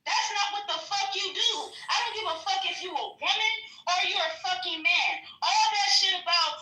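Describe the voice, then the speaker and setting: A woman ranting profanely on a live stream and mocking men in a put-on low voice. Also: normal speed, pushed and bright, far from the mic. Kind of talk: heated live-stream rant. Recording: echoey room, away from the mic.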